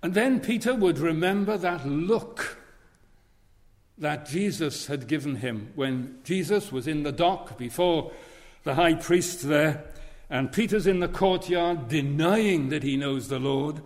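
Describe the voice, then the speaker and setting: A man's voice: on the high side, unhurried. A man preaching a sermon in a church, earnest and leaning on repeated phrases. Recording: long reverb of a large hall.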